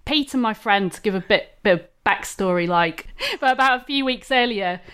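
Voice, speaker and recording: Animated young woman telling a story. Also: on the high side, moderate pace, clean tone. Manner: animated anecdote-telling, laughing, acting out quotes. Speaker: guest storyteller. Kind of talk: casual chat.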